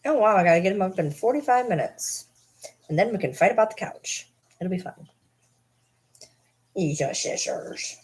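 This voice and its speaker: A woman's voice: medium pitch, animated, brisk, a little mellow. A woman vlogger at home, chatting casually and teasing her dogs with baby talk.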